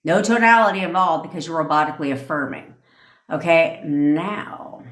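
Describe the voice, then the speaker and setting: A woman's voice: sits low, moderate pace, a bit bright, roomy sound. A woman manifestation coach giving a blunt, profane livestream rant in a conversational way, acting out tones of voice in her examples.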